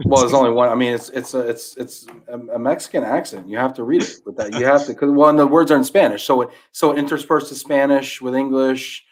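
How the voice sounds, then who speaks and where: A man's voice: mid-range voice, brisk, few pauses. A man on a podcast, animatedly retelling a children's book, whose voice often drops to a mumble. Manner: animated storyteller, trails off into mumbles. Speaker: podcast guest. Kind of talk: casual chat.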